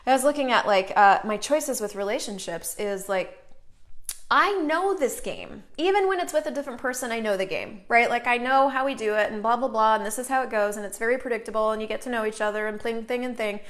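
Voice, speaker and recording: A woman's voice: a little high, fast. A woman hosting a casual live online show, talking animatedly to viewers, greeting them by name as she goes and swearing now and then for emphasis. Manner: chatty and animated, greets viewers mid-sentence.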